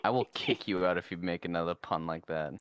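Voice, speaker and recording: Young man, podcast co-host, very deep voice, playful banter. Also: fairly quick, fairly bright tone, clear, resonant tone, dry recording, clean studio sound. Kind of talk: casual chat.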